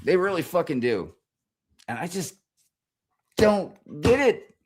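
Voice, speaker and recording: Brief: male streamer, profane comedic rant, lively up-and-down delivery, exasperated. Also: high-pitched, slow, long pauses, slightly rough. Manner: swears constantly, animated and exasperated.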